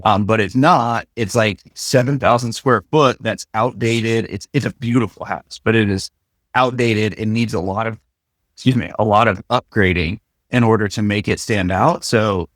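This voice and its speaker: A man's voice: on the low side, normal speed, a bit bright, dry recording, studio quality. A man co-hosting a podcast, joking and telling stories in a loose conversational way. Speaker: podcast co-host.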